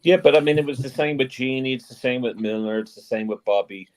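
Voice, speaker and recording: A man's voice: mid-range voice, fast talker, a little mellow. A man on a fan show arguing his point with passion and repeating it for emphasis. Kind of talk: casual live fan-show chat.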